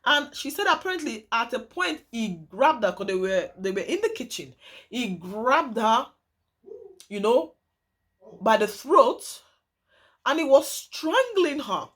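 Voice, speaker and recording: A woman's voice: a little high, big pitch swings, unhurried. A young woman telling a true story to her viewers, emphatic and dramatic, often repeating phrases and calling her audience "guys".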